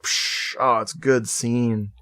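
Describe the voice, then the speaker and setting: A man's voice: medium pitch, level tone, takes it slowly, fairly bright tone, dry recording, studio quality. A man co-hosting a podcast, recapping a horror film in casual chat and laughing at his own jokes. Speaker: podcast co-host.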